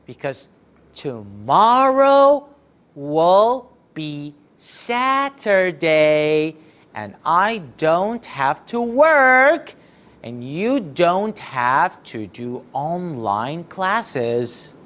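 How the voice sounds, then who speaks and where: A man's voice: fairly high pitch, big pitch swings, very slow, fairly bright tone. A man teaching English to young children online, drilling words in call-and-response with cheerful praise and sometimes singing prompts.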